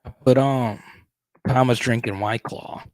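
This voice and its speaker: A man's voice: medium pitch, steady tone, unhurried, dry recording. Man, streamer host, casual chat, dry close sound. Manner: chatty, reads and answers viewer comments.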